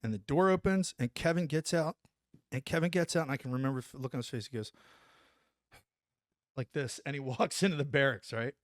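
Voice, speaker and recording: A man in his forties, an army veteran guest on a podcast, telling an animated story and tagging lines with "right?". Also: mid-range voice, a little fast, long pauses, dry recording, studio quality. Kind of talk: casual storytelling anecdote.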